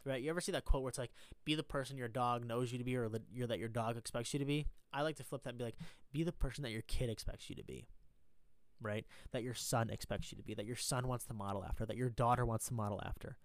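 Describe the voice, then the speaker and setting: A vlogger stuck at an airport after a cancelled flight talks fast through a motivational monologue about mindset. His voice is mid-range and the recording is dry. He's earnest and rambling, tagging his points with a questioning "right?"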